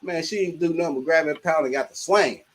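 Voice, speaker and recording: An older man with a husky voice tells childhood stories on a livestream. He speaks in a slightly raised register and bursts into laughter as he mimics a stern mother. It sounds casual, warm and lively, like a chat among friends. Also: fairly high pitch, fast talker, rough recording. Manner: animated, laughing storyteller, acts out his mother's scolding. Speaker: livestream host.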